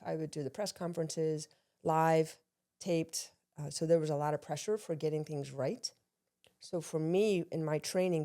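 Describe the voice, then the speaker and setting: A middle-aged woman from Maryland, a guest on an interview show, telling lively self-deprecating stories about her career. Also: sits low. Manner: lively, self-deprecating storyteller who acts out quotes. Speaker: guest, actor and law enforcement veteran. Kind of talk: casual storytelling interview.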